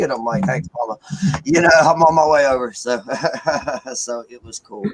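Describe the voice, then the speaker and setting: A man's voice: medium pitch, steady tone, fairly quick, low-quality recording. A man casually telling a long story, full of fillers and acted-out quotes. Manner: rambling, many fillers, acts out quotes. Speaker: caller sharing news.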